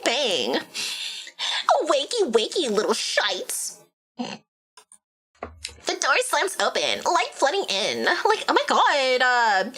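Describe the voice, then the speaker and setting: A woman's voice: high voice, sharp tone, heavily acted. A woman voicing a ditzy, stuck-up young valley girl, drawling and full of "like" while reading a game's story aloud. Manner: drawling, peppered with "like". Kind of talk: reading a visual novel aloud in a put-on voice.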